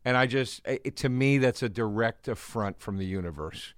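A man's voice: mid-range voice, normal speed, dry recording, studio quality. A man, a guest comedian, telling rambling, self-deprecating stories in casual chat.

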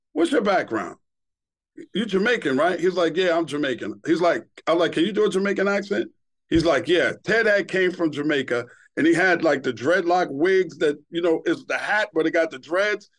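A middle-aged man from Queens, a radio DJ guest on a podcast, telling a story with lots of swearing. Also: fairly high pitch. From Queens, New York. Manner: profane, animated storyteller.

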